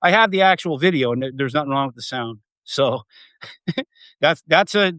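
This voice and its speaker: Rambling excitable man on a live stream. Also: a little high, moderate pace, dry recording. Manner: rambling, excitable, swears freely, many fillers. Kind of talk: casual live stream monologue.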